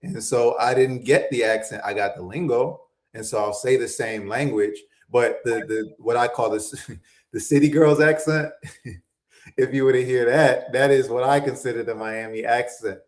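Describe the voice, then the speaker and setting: A man's voice: medium pitch, normal speed. A man hosting a morning talk show, explaining his points thoughtfully in casual chat. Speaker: host. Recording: roomy echo.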